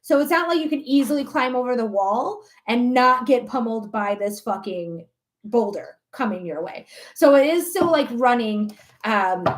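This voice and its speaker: A woman in her thirties giving a live tarot reading in a chatty, animated way, laughing often and swearing casually. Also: on the high side. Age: 30s. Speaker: tarot reader.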